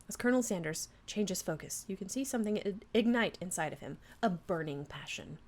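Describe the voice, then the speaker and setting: A woman's voice: fairly low pitch, animated, brisk, hardly any pauses. A woman with a Southern accent, streaming a game and reading it aloud, giggly and amused.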